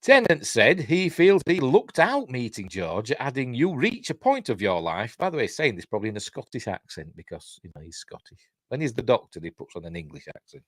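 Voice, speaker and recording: A man's voice: mid-range voice, big pitch swings, brisk, no room sound, studio quality. An older man with a Yorkshire accent hosting a live-stream news show, reading entertainment stories aloud with chatty, rambling asides and self-mocking jokes.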